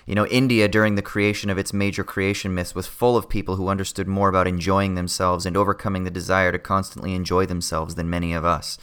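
Man co-host, lowish voice, casual thoughtful philosophy chat, halting. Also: level tone, a bit bright, smooth. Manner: thoughtful, searching for words, frequent fillers. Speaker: podcast co-host.

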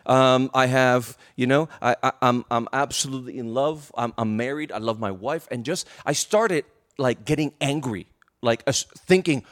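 A male preacher telling a story in a sermon, animated and emotional, often restarting his words. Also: mid-range voice, normal speed.

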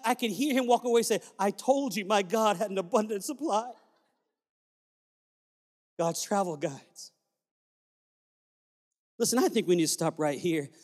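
A male pastor preaching a sermon in a church, telling stories and then fervently urging the congregation to praise. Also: sits high. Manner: storytelling, fervent, exhorting. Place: church sanctuary. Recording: reverberant church hall.

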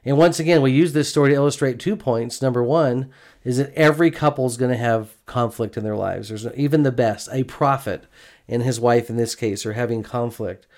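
This podcast co-host is a middle-aged man whose medium-pitched, darkish voice moves briskly. In a relaxed gospel chat about marriage he sounds sincere and talkative, leaning heavily on "you know" and a questioning "right?".

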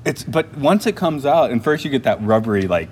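Man, casual podcast co-host, laughs a lot, lively pitch, faint noise behind. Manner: laughs often, halting with fillers. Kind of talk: casual film chat. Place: lives in Japan.

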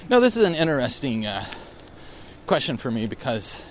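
A man's voice: mid-range voice, very animated, moderate pace, slight background noise. A man in his late forties hosting a casual solo podcast outdoors while riding through a park, talking in a rambling, reflective way that keeps correcting itself. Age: 40s. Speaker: podcast host.

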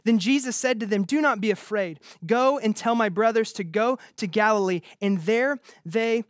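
A man preaching an earnest, emphatic sermon as pastor, with quick restarts. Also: high-pitched, no echo, clean studio sound.

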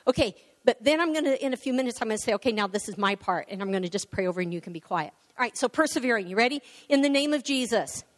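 A woman's voice: mid-range voice, animated, racing, few pauses. A woman pastor preaching a sermon and leading prayer, emphatic and conversational. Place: church sanctuary. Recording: long hall reverb.

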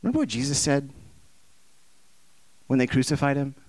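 This preacher's slightly mellow voice swings widely in pitch at a moderate pace, on a dry recording. His sermon is impassioned and conversational, full of rhetorical questions, and he acts out the voices he quotes with sharp pitch and volume swings.

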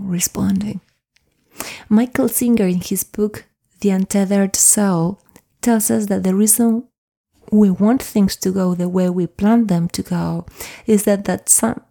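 A middle-aged woman hosts a self-help podcast and speaks with unhurried, soothing calm. Her voice is dark and mellow with a gravelly texture. At times she softens it to a near whisper. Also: medium pitch. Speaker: podcast host and coach. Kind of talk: slow, gentle self-help podcast talk.

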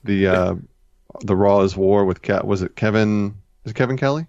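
Low gravelly man in casual chat. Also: moderate pace, darkish tone, no room sound. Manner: rambling, self-correcting, retells scenes with quoted voices. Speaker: podcast co-host. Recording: dull, lo-fi dry recording.

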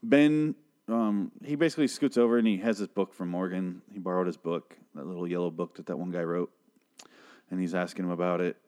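A young man with a lowish voice rambles through a TV episode recap. He is sarcastic and profane, and he slips into quick impressions of the characters. It sounds like a loose solo review show. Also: a little mellow. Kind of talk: casual recap and review monologue.

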